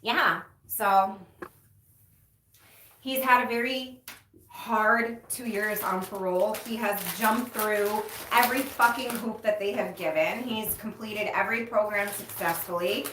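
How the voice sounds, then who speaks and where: Slow-talking emotional woman in an echoey room. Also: mid-range voice, fairly bright tone, slight background noise. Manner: emotional, frank, swears casually. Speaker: livestream host, recovery coach. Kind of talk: casual livestream chat to viewers. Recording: roomy echo, distant mic.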